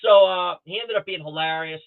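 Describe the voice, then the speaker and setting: A man's voice: medium pitch, fairly quick. A middle-aged man, a guest pilot, tells stories casually and acts out other people's lines, heard over a video call. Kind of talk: casual storytelling. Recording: tinny phone-like call audio.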